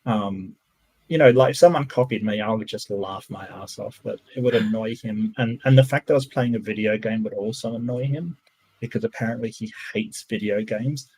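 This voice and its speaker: A man's voice: fairly low pitch, moderate pace, darkish tone, poor audio. A man hosting a casual podcast chat, musing aloud in a meandering way with many restarts. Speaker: podcast host. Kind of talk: casual conversation.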